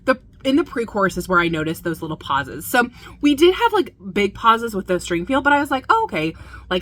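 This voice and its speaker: A woman's voice: mid-range voice, a bit bright. A woman hosting a music video reaction, talking casually and gushing with enthusiasm, full of fillers.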